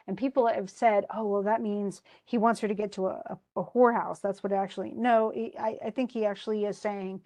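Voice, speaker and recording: A woman's voice: medium pitch, steady tone, a little fast, few pauses, dark tone. A woman teacher casually retelling a play, chatty, putting its lines into everyday speech.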